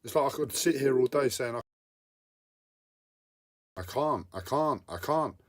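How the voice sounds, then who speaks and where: A distressed man in an unscripted personal vlog, talking in halting, repetitive bursts with a whiny edge. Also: medium pitch, expressive. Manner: repetitive, halting, self-interrupting. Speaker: livestreamer.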